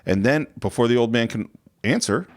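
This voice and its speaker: Male film podcast co-host, expressive and bouncy, chatty scene-by-scene recap. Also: mid-range voice, very noisy. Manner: animated retelling of scenes, acting out lines in quick voices. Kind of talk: casual film discussion. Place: podcast studio.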